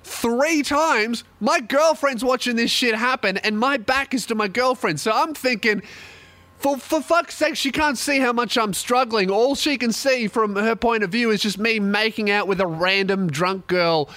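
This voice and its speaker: Profane high-voiced comic. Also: male voice, normal speed, hardly any pauses, no room sound. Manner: profane, animated, laughs often. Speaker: comedian host. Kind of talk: comic storytelling.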